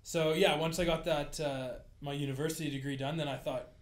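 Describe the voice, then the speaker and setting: A Canadian man chatting as a podcast guest, relaxed and self-deprecating, often chuckling. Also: a little high, brisk. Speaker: podcast guest, rugby player. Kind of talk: casual chat. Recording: roomy echo.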